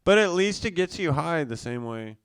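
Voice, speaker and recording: A man's voice: fairly high pitch, animated, moderate pace, a bit bright, clean tone, dry recording. Loose, joking man from South Dakota. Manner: loose, profane, self-mocking. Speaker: live show host. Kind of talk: casual rambling monologue.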